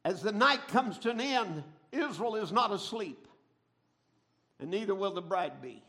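A middle-aged man preaching a sermon, telling stories dramatically and swinging from a hush to a shout. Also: high-pitched, animated, unhurried. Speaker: pastor.

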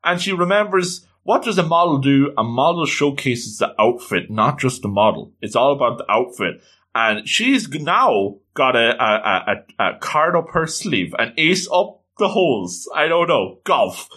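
A man recapping a comic book chapter as host, telling it like an animated storyteller with playful catchphrases. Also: mid-range voice, unhurried, husky.

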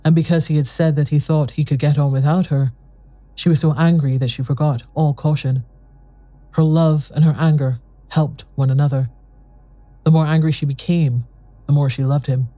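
A narrator reading a classic ghost story in a measured storytelling manner. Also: medium pitch, little pitch movement, warm tone, soft background music.

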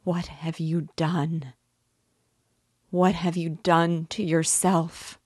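A woman's voice: sits low, fairly even intonation, takes it slowly, darkish tone, husky, no room sound, clean studio sound, full character voice. A woman reading aloud and voicing a desperate, tender young woman who pleads and cries out. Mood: anguished pleading. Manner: pleading, tearful, rising to cries.

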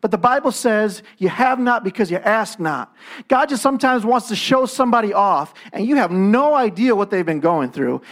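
A man preaching a sermon in a conversational way, acting out quoted voices as he goes. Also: high-pitched. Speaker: pastor.

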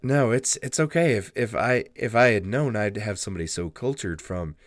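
A man's voice: lowish voice, lively intonation, normal speed, no room sound, clean studio sound. A man playing a tabletop game, speaking in a friendly, rambling and hesitant way. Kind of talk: in-character tabletop chat.

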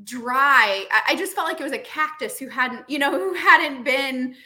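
Woman, bright voice, slightly high, earnest casual chat, lots of fillers. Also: normal speed. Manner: earnest, animated, many fillers. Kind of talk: casual conversation.

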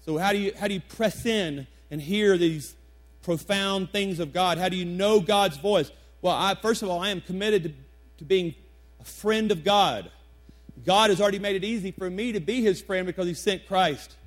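A man's voice: sits high, moderate pace. A man in his forties, a pastor preaching to his congregation in a church, talking conversationally with emphatic repetitions and questions to the room. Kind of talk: sermon. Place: church sanctuary before a congregation.

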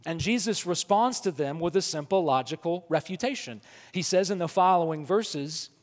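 A man preaching a sermon as pastor, slowing down to read scripture and building up to loud, emphatic passages. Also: a little high, long reverb tail.

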